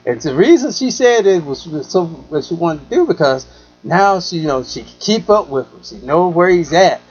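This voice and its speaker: A man's voice: fairly high pitch, lively intonation, normal speed, a little mellow, lo-fi sound. A man hosting a talk show, telling a rambling story in a casual way, full of "you know", and acting out the people in it.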